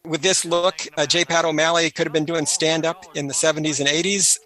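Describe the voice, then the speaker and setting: A man's voice: on the high side, flat delivery, fairly quick, bright, forceful tone, faint music behind. A man giving a casual, chatty film commentary, full of anecdotes and trivia.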